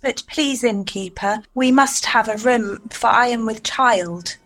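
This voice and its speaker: A nervous young woman, played by an actress auditioning for a nativity play in an audio comedy. Her voice is slightly high and she trips over her lines. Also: measured pace, a bit bright.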